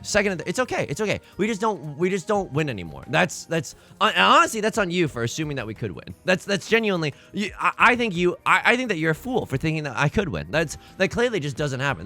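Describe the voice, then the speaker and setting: Animated, self-mocking male gamer. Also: a little high, fast talker, few pauses. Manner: animated, self-deprecating, rambling. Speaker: let's play host. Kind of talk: casual game commentary.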